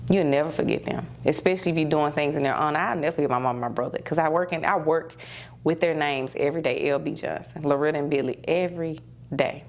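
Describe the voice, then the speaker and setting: A woman therapist, speaking in a low register with a gravelly edge. She talks candidly and conversationally, repeating key phrases for emphasis. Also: fast talker. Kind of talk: casual talk show advice.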